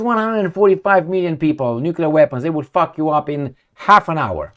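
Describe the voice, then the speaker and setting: A man's voice: on the high side, expressive, moderate pace, few pauses, fairly bright tone. A man giving an angry, profane, mocking political rant with many fillers. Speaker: commentary vlogger. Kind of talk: ranting political commentary.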